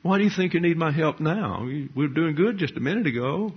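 A preacher in a sermon playing a calm male teacher who mildly chides a sinking follower, in a slightly raised, husky voice on a dull lo-fi recording. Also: a little high, a little fast, voice pushed up. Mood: chiding. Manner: mildly chiding, questioning.

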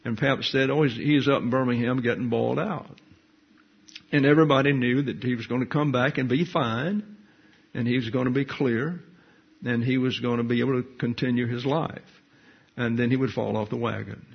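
An older man, a pastor teaching a Bible study in a folksy, unhurried storytelling manner. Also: mid-range voice, steady tone, creaky, husky. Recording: muffled lo-fi recording.

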